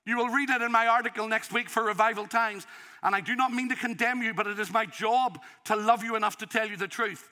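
A man's voice: high-pitched, steady tone, brisk, sharp tone, long reverb tail. A male pastor preaching an impassioned sermon in church, pleading and emotional as he urges his congregation. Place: church in the city.

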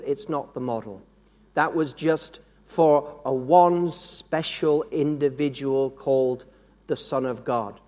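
A man's voice: on the high side, darkish tone. A man preaching a sermon in a church hall, earnest and repetitive, often restarting his phrases. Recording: long hall reverb.

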